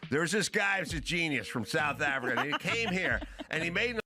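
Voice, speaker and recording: A man's voice: on the high side, expressive, moderate pace, pushed and bright. Wry man telling a comic story. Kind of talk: comedic anecdote from a played clip.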